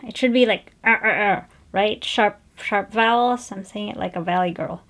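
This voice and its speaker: A woman's voice: medium pitch, moderate pace. A woman hosting a stitching vlog, showing her finished pieces in a chatty, digressive way with frequent fillers and self-corrections. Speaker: flosstube host showing cross-stitch finishes. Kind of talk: casual show-and-tell chat.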